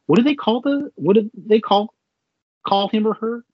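A man co-hosting a casual pop-culture podcast, talking in an animated, rambling way and swearing freely. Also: sits high, moderate pace, breathy edge, no echo. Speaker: podcast co-host. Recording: slightly dull lo-fi sound.

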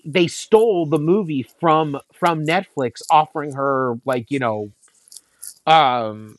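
A man's voice: fairly high pitch, dry recording. A man co-hosting a casual movie talk, rambling with many fillers and restarts. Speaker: podcast co-host.

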